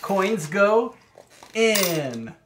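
Very slow, deliberate speech therapist man. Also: high voice, very animated, fairly bright tone, a little hiss or hum. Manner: slow, deliberate modeling of single words. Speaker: speech-language pathologist. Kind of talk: children's speech lesson. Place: home.

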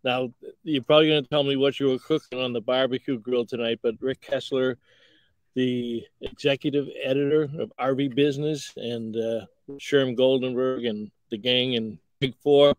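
A man's voice: mid-range voice, fairly even intonation, moderate pace, no echo, rough recording. A man hosting a casual show over a video call, chatty and teasing his guests. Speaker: host. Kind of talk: casual chat.

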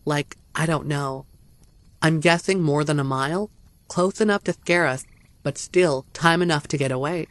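A man's voice: fairly high pitch, moderate pace, fairly bright tone, no room sound. A man reading a first-person horror story aloud as a narrator, tense and dramatic.

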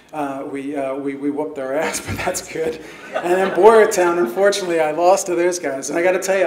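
Man with a highish voice in a roomy hall. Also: a little mellow. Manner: chatty and self-deprecating, laughing at his own stories. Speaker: hall of fame inductee. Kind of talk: banquet acceptance speech. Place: indoor banquet hall. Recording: roomy hall with faint noise.

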